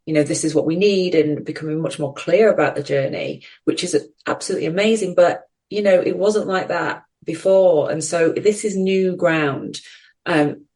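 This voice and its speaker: Earnest woman in her 40s cohosting a podcast, low voice, halting, gets emotional. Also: a little mellow. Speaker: podcast co-host. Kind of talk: reflective storytelling chat.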